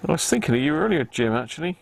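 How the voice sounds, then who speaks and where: Gravelly Devon man thinking aloud at the bench. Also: on the high side, sing-song, rapid-fire. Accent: Devon English. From Devon, England. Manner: thinks aloud, mutters readings, chats with viewers. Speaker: radio repair livestream host. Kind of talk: casual live-stream chat while repairing.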